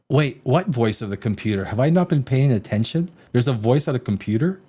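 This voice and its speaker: Lively, exasperated male reviewer. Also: medium pitch, brisk, hardly any pauses, breathy edge. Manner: rambling and exasperated, with sarcastic asides. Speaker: TV show reviewer, host. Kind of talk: casual live-stream review.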